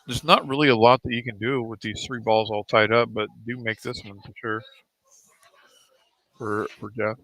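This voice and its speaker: Man, relaxed pool commentator, lowish bright voice, dry close sound, chatty storytelling. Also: moderate pace, dry recording, low-quality recording. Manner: laid-back, chatty, rambling anecdotes with chuckles. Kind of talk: casual live pool commentary. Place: pool hall venue.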